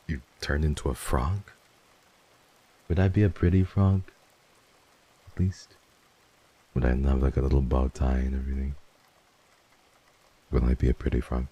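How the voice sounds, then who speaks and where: A man chatting playfully on a livestream, teasing viewers and swearing freely as he reads donations, jumping between loud bursts and hushed murmurs. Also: rumbling low, steady tone, moderate pace, pauses often, husky. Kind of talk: casual livestream chat, reading donations.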